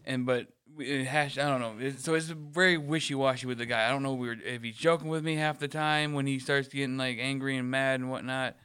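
Man, podcast co-host, casual storytelling, smooth clear voice, rambling, curses often. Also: mid-range voice, brisk, few pauses. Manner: rambling, animated, swears freely; mimics others in quoted lines.

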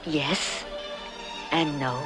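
An earnest heroine princess, music behind. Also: female voice, low-pitched, steady tone, extremely slow. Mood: tender resolve. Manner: earnest, heartfelt. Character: brave young heroine princess warrior, compassionate. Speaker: animated film character. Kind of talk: 1980s cartoon voice acting. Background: film score.

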